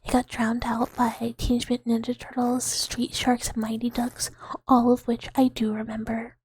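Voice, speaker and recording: A woman's voice: on the high side, completely flat delivery, moderate pace, darkish tone, slightly rough. A woman in her thirties whispering breathily and chattily as an ASMR streamer, giggling as she reads chat aloud into a close mic. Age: 30s. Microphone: close studio mic.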